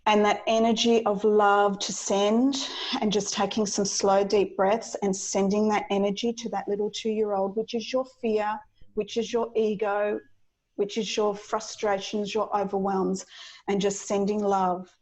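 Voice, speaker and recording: A woman's voice: medium pitch, level tone, unhurried, a little mellow, poor audio. Earnest woman coach sharing heartfelt advice. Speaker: podcast guest, self-esteem coach. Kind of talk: casual interview chat.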